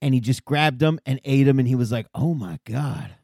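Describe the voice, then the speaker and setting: A man's voice: mid-range voice, fast talker, dry recording, studio quality. A man telling crude stories in casual podcast banter, laughing often and swearing freely. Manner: animated, crude, laughing storyteller.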